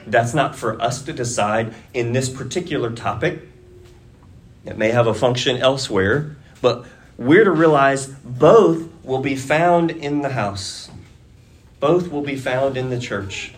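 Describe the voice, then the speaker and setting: A man preaching a sermon to a congregation, deliberate and measured, rising to emphatic urging at key points. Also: medium pitch, slight background noise. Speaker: pastor.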